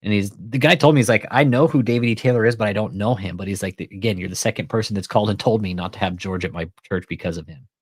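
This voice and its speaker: A man with a fairly low, husky voice talks quickly with hardly any pauses, captured in clean studio sound without room tone. He's a commentary channel host, profane and casual, retelling a phone call through quoted dialogue for both sides.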